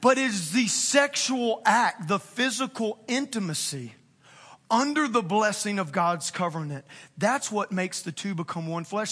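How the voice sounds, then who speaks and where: A male pastor preaching a sermon with fervent emphasis, swinging from near-shouts to hushed, quiet appeals. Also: high voice, slightly rough.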